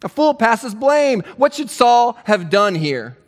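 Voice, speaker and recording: A man preaching a sermon as pastor, animated and emphatic, with touches of humor. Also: extremely high pitch, takes it slowly, big-room sound.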